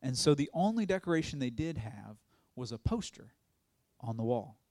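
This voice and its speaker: Recorded with clean studio sound and no room sound, a male evangelist tells his testimony as a sermon at a moderate pace and medium pitch. The delivery is animated storytelling, with acted-out voices and plenty of laughter.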